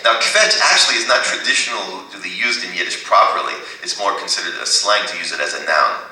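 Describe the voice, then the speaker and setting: A middle-aged man teaching a lively, chatty class to a live audience, digressing and laughing at his own jokes. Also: low-pitched, brisk. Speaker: Yiddish teacher and ventriloquist. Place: library room with an audience. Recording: echoey room, distant mic, faint noise.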